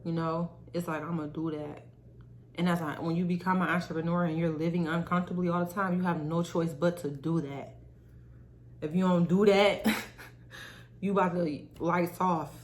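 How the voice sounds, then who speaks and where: A woman's voice: fairly low pitch, steady tone, normal speed, slight background noise. A young adult woman hosting her own podcast, talking candidly and motivationally to her viewers in a casual, direct way. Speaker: podcast host. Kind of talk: casual solo podcast talk.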